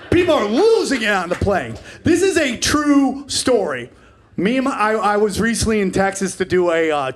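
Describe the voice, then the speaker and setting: A man's voice: high voice, background noise. A man in his forties performing a stand-up comedy set, brash and profane, riffing with the crowd. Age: 40s.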